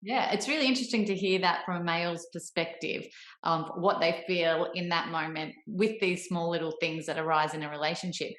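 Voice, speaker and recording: A woman with a fairly low voice hosts an interview, posing measured, thoughtful questions. Her voice rings in an echoey room. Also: fairly bright tone. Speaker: podcast host.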